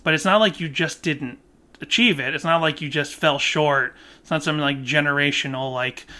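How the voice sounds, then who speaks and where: Bright, animated male podcast co-host. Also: on the high side. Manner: animated, laughs often, loose run-on thoughts. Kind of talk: casual chat about music.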